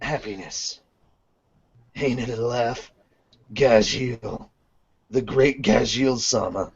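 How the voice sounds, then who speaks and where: A man voicing gruff dying Gajeel. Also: mid-range voice, slow pace, full character voice. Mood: grim. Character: gruff young male iron dragon slayer, dying. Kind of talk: amateur manga read-along dub. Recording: dull lo-fi podcast audio.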